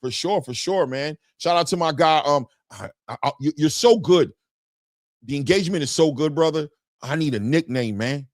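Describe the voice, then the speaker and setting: Animated man hosting a boxing livestream. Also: on the high side, normal speed, no echo, clean studio sound. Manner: animated, repetitive, slangy, laughs often. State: just woke up. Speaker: boxing talk livestream host. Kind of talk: casual livestream chat reading super chats.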